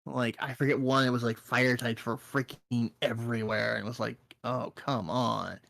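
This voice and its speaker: A man co-hosting a casual podcast chat, rambling and joking, now and then slipping into high silly voices. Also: little pitch movement, brisk, gravelly, a bit bright. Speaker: podcast co-host.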